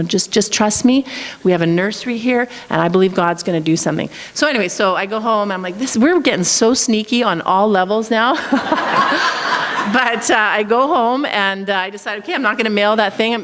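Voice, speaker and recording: Earnest woman missionary, mid-pitched, reverb of a large hall. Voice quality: earnest storytelling with filler words. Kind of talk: church missions testimony.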